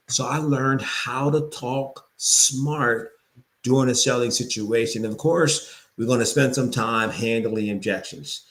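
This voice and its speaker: A man coaching real estate agents in an energetic sales pitch, repeating phrases for emphasis.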